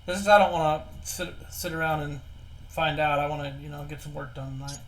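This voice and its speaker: A man's voice: on the high side, flat delivery, a little fast, low-quality recording. A man running a tabletop game as game master, talking in an easygoing, jokey way.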